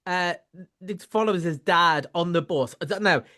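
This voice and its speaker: A man's voice: sits high, moderate pace, bright, forceful tone. An Irish man chatting casually as a film reviewer, rambling with many restarts. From Ireland. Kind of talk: casual chat.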